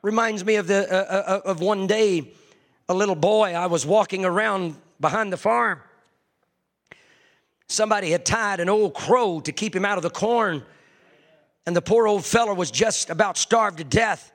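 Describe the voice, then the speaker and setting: A man preaching a sermon fervently, swinging from hushed confession to ringing shouts. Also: high voice, moderate pace.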